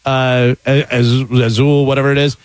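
A man co-hosting a radio talk show tells stories in casual radio chat, animated and lively, acting out what people said. His mid-range voice moves at a moderate pace, and there is no room sound.

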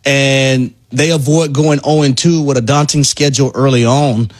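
A man's voice: medium pitch, steady tone, normal speed. A man co-hosting a sports talk radio show, analyzing emphatically and repeating words for stress. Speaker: radio co-host. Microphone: studio mic.

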